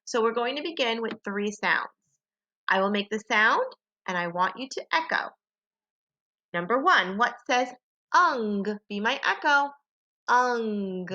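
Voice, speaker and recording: A woman teaching a phonics lesson to young children, slowly sounding out letters and sounds and asking them to echo her. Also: fairly high pitch, lively intonation, pushed and bright, dull audio.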